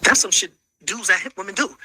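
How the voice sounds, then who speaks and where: A man's voice: sits high, a little fast, sharp tone, husky, no echo, poor audio. A sick man ranting heatedly, lecturing with profanity and a lot of repetition. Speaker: streamer being reacted to. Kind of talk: heated rant.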